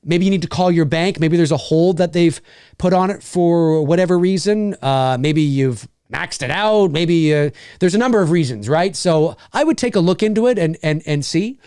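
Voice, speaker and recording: A man's voice: a little high, moderate pace, a little mellow, clean tone, no room sound, studio quality. A middle-aged Canadian man with a Canadian accent, hosting a casual livestream, reading chat comments and repeating himself enthusiastically.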